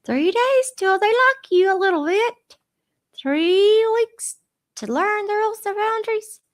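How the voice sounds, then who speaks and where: A woman voicing a timid, excitable young princess girl on a children's radio show, breathless and gushing. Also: very high-pitched, a little slow, voice pushed up. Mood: earnest. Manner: breathless and gushing, squeals with emotion.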